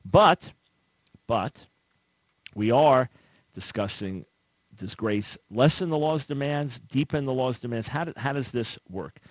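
Radio host guy talking earnestly into a studio mic, middle pitch, dry sound. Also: a little slow, long pauses, dry recording, rough recording. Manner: earnest, conversational, acts out imagined callers. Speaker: radio talk show host. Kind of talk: radio call-in talk show commentary.

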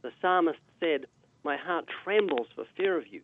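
A man's voice: fairly high pitch, lively intonation, normal speed, dry recording. A man with a New Zealand accent, a guest evangelist preaching emphatically on a radio call-in show. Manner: emphatic, sermon-like delivery. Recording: tinny dry phone line.

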